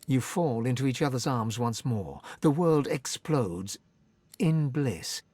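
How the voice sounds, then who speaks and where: A man's voice: medium pitch, expressive, takes it slowly, a little mellow, breathy edge. Wry male game narrator.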